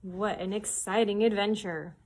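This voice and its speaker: A woman, a children's librarian, reading a chapter book aloud for story time, pausing now and then to show pictures. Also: mid-range voice, steady tone, a little mellow, low-quality recording. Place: public library.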